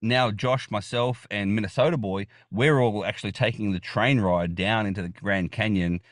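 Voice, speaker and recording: An Australian man guests on a podcast in a casual interview, chatting with enthusiasm at a moderate pace in a lowish voice. He rambles, restarting sentences and using fillers; the audio is studio quality with no room sound.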